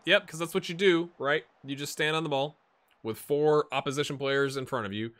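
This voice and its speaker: A man giving casual, amused commentary while playing a football management game, getting excited during the action. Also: on the high side, moderate pace. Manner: chatty, amused, jumps to excited play-by-play. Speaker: gaming YouTuber. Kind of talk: casual let's-play commentary.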